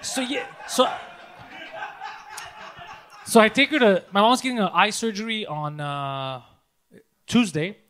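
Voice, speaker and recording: A man in casual chat, telling profane, animated stories and yelling when he quotes people. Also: sits high, measured pace, long pauses. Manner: swearing, animated storyteller who yells when quoting.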